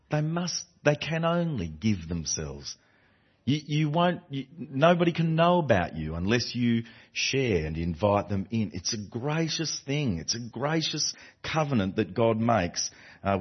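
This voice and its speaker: Husky-voiced preacher with lively pitch. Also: male voice. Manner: earnest, repeats phrases for emphasis, frequent restarts. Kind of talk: sermon. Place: church before a congregation. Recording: dull lo-fi recording.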